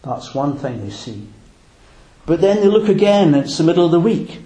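A man preaching a sermon as a pastor, emphatic and deliberate with long pauses. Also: on the high side, sing-song, dark tone. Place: church. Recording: roomy church hall.

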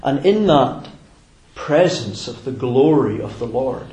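A man preaching a sermon in a measured, reflective way, pausing on fillers and restarting phrases. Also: mid-range voice, animated, dark tone, roomy sound, rough recording.

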